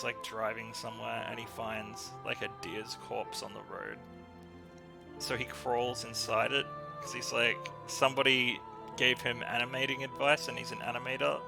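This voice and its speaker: A man's voice: medium pitch, moderate pace, gravelly. A man co-hosting a game video, chatting casually and acting out funny scenes with frequent laughter. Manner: animated storyteller, laughs often, acts out quotes. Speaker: let's play co-host. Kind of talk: casual chat over gameplay. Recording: music bed behind voice.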